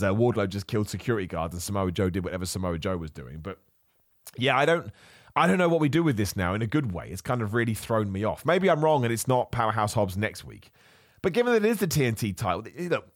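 A man hosting a podcast, ranting in animated casual chat, laughing often and nursing a cough. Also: fairly low pitch, fast, no echo, clean studio sound. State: has a cough. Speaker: podcast host.

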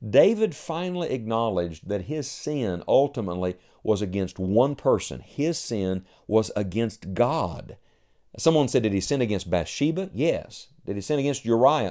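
Male pastor, sermon delivery, emphatic rhythmic cadence, dark warm tone. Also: medium pitch, sing-song, normal speed. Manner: emphatic, rhythmic preaching cadence with quoted scripture. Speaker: preacher.

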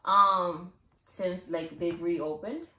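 Young woman co-host, lowish voice, blunt and profane, roomy echo. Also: steady tone, very slow, bright, forceful tone, a little hiss or hum. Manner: blunt, swears freely, hesitant fillers. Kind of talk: casual chat. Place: shared home.

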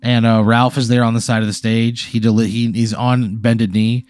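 A man hosting and narrating an improvised comic scenario in a deadpan, laid-back way. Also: medium pitch, moderate pace, clear, resonant tone, no echo. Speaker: host running an improvised hypothetical. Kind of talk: improvised comedic storytelling.

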